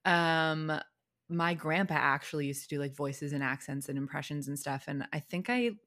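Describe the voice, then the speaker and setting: A young adult woman, an impressionist, talking casually in an interview with lots of fillers and quick jumps into quoted voices. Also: sits low. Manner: chatty, many "like" fillers, lively swings into quoted voices. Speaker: impressionist and video creator.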